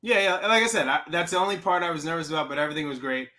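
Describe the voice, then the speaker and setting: A man co-hosting a casual movie review chat, animated and acting out scenes in little voices. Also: a little high, rapid-fire. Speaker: podcast co-host.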